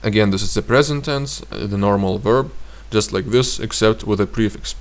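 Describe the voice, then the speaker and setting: A man with a Lithuanian accent teaching grammar in a slow, halting way with frequent fillers. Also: fairly low pitch. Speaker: language teacher.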